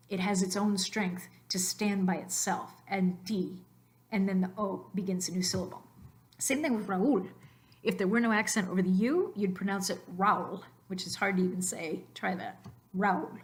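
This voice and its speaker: A woman at a middle pitch narrates a recorded slide lesson on Spanish pronunciation. She explains step by step and patiently, drawing out the words she wants to stress. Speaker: Spanish teacher.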